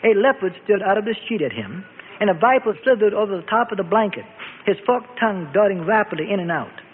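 A man narrating a scripted Bible story for radio in a steady, descriptive manner. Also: high-pitched, fairly quick, slight background noise. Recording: tinny phone-like radio recording with reverb.

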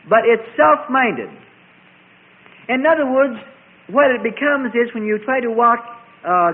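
A man preaching a sermon, driving his points home by repeating and contrasting phrases. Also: high voice. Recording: tinny phone-like sermon recording.

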